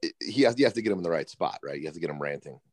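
A man co-hosting a casual sports podcast, ranting in halting bursts with lots of repeated words. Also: low voice, animated, breathy edge, dry recording. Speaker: podcast co-host.

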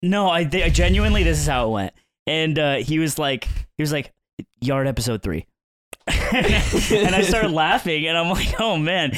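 Animated storytelling podcast guy. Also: moderate pace, dry recording, studio quality. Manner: animated, acts out quoted people with sudden pitch jumps. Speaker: podcast co-host. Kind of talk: casual storytelling chat.

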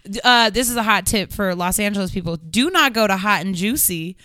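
A young woman hosting a podcast, chatting casually and telling a story with lively acted-out quotes and plenty of swearing. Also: mid-range voice, a little fast, dry recording. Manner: animated storyteller, acts out quotes, swears freely. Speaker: podcast host. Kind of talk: casual chat. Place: Los Angeles area.

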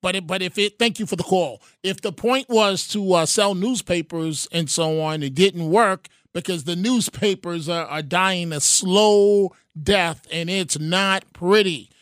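A middle-aged man hosting a radio talk show, speaking haltingly with many restarts and cutting in on callers. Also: high-pitched, fairly bright tone, no echo, studio quality. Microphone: studio mic.

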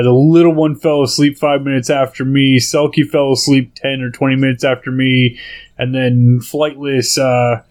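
A man in his thirties co-hosting a gaming podcast, swearing a lot as he tells animated stories in casual chat. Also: medium pitch. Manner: profane, animated storytelling. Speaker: podcast co-host.

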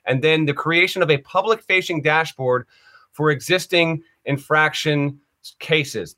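Podcast host guy, bright voice, reads quotes then snarks on them. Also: a little high. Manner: reads quotes aloud then comments wryly. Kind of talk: casual podcast discussion.

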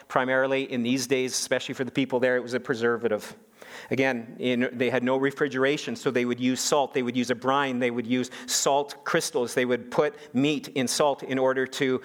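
A middle-aged man preaching a sermon as a pastor, animated, often repeating words and rising to emphatic peaks. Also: mid-range voice.

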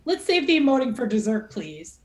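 Lady doing a fussy high-voiced politician guy, jumpy, echoey room. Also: sing-song, very slow, dark tone, full character voice.

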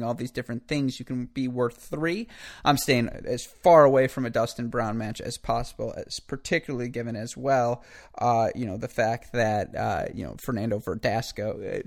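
Chatty man giving tennis betting picks. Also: mid-range voice. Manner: chatty, rambling, self-correcting. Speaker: tennis betting podcast host. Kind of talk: casual betting picks rundown.

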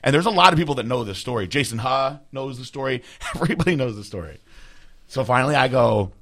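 A man's voice: medium pitch, animated, fast talker. A man telling a long story in casual chat, rambling and profane, laughing at himself. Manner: rambling, profane, self-deprecating.

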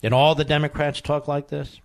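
A man hosting a political talk radio show, combative and emphatic, with sudden high outbursts. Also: flat delivery, fairly quick, vocal fry.

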